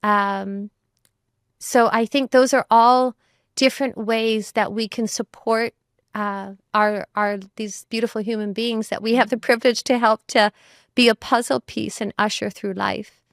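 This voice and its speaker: A woman's voice: fairly high pitch, fairly even intonation, a little slow, no echo, clean studio sound. A woman who is a mother, talking as a guest in a reflective conversation, thoughtful and full of "you know" and "like" fillers.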